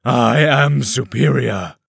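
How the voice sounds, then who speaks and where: A man voicing an arrogant villain who growls and spits threats slowly. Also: mid-range voice, gravelly, fairly bright tone, breathy edge, no echo, studio quality, full character voice. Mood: hostile. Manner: growling, spiteful. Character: arrogant hostile male villain fighter.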